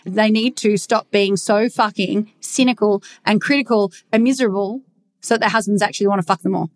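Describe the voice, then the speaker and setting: A woman's voice: medium pitch, brisk. A young woman talking bluntly in a casual confessional monologue, swearing freely as she rants.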